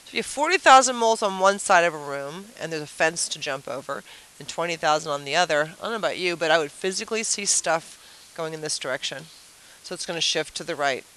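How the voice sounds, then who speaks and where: Bright-voiced woman teaching at a whiteboard. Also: sits low, quick pace, a little hiss or hum, low-quality recording. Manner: chatty, asks the class rhetorical questions; explains with playful everyday comparisons. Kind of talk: whiteboard review lesson.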